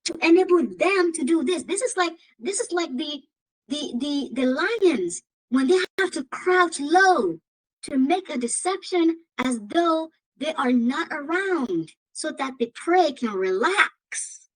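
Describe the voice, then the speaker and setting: Slow, high-voiced woman with an African accent. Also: lively intonation, poor audio. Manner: emphatic, repeats phrases, exclaims. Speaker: host. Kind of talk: commentary vlog.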